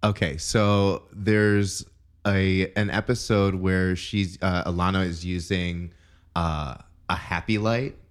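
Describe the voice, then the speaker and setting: Playful young man, lowish voice. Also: takes it slowly. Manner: playful, joking, animated storyteller. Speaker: podcast co-host. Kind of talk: casual chat.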